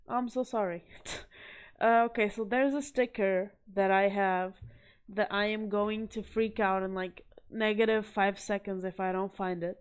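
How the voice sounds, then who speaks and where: A woman's voice: medium pitch, steady tone, normal speed, clean tone. A young woman chatting casually to camera as she shows off art she collected, rambling and poking fun at herself. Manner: rambling, self-deprecating, chatty. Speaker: vlogger showing art.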